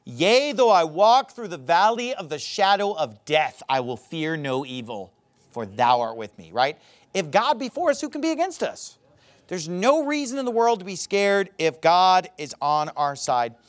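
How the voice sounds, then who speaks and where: A man preaching a sermon, reading scripture and acting out quotes in a mocking, animated way. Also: high-pitched, normal speed. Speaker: pastor.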